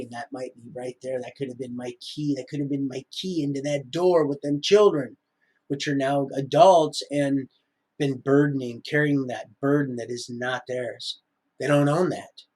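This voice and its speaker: A man's voice: mid-range voice, fairly even intonation, normal speed, darkish tone, husky. A middle-aged man rambling through a live-stream monologue, often wandering off topic. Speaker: livestreamer.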